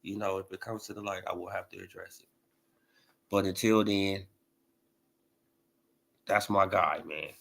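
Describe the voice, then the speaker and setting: A man's voice: sits low, a little slow, vocal fry, long pauses. A man ranting casually about boxing on a livestream, full of laughs and repeated fillers. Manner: laughing, animated, repetitive fillers. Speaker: boxing commentator.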